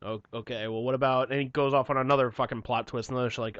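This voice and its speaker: A man's voice: medium pitch, steady tone, fast talker, a bit bright, dry recording. A young man co-hosting a casual podcast chat, swearing freely and acting out the people in his stories. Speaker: podcast co-host. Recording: dull lo-fi podcast mic.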